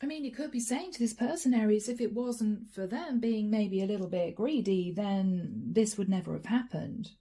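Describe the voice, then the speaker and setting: A woman's voice: medium pitch, moderate pace, hardly any pauses, mellow, slightly rough. A woman giving a channeled tarot reading, talking straight to her viewers and naming each card as she draws it, with frequent sighs and asides. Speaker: tarot reader.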